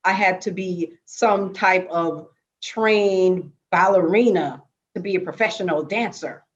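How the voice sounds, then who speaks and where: Jamaican-born woman telling a lively story. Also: fairly low pitch, measured pace, lo-fi sound. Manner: lively, animated storytelling with many rhetorical "right?"s. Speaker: dance panelist. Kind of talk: casual storytelling on a panel.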